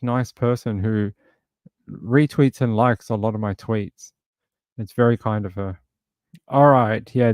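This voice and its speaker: Brief: male live stream host, conversational, reads chat, dry close mic, mid pitch. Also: a little mellow, no echo. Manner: chatty, reads viewer comments aloud.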